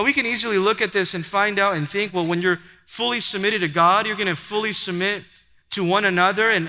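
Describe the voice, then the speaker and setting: High, bright-voiced man preaching. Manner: emphatic, repetitive preaching cadence. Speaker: pastor. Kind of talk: sermon. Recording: long hall reverb.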